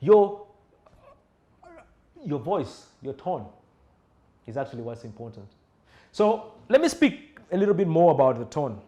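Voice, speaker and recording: A man teaches public speaking, his voice sitting a little high and swinging widely in pitch. He talks animatedly and keeps acting out sample voices to make his points. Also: a little slow, pauses often, lo-fi sound. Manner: animated, acts out example voices and tones. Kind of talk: lecture-style speaking class.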